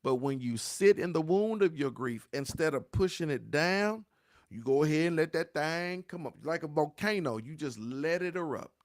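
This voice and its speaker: A man's voice: fairly high pitch, lively intonation, normal speed, dry recording, studio quality. A man giving a motivational talk on grief, with a preacher-like cadence, repeating his phrases and calling his listeners "y'all.". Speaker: grief speaker.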